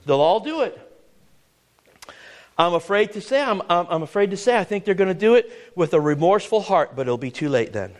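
Pastor, male, high and very animated voice, emphatic preaching, throws rhetorical questions at the room. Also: fairly quick. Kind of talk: sermon.

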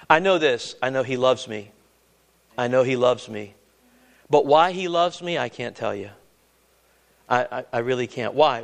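A man's voice: medium pitch, vocal fry. A man preaching a sermon, earnest and conversational, often restarting his words and asking the congregation questions.

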